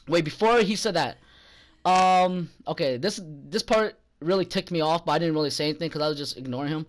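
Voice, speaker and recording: A gaming channel vlogger, young and male, speaks a little high and fairly quick. He tells a rambling, profane story about a rude customer from his job, turning heated as he quotes himself.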